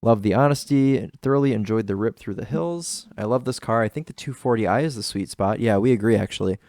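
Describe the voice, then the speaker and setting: A man's voice: on the low side, brisk, a little mellow, dry recording, studio quality. A man co-hosting a car podcast in casual chat, rambling and enthusiastic with lots of fillers. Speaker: podcast co-host.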